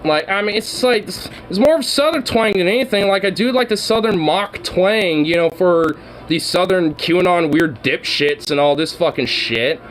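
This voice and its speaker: A man's voice: sits high, moderate pace, few pauses, a little hiss or hum, rough recording. A man streaming and chatting casually, swearing constantly and rambling heatedly with lots of fillers.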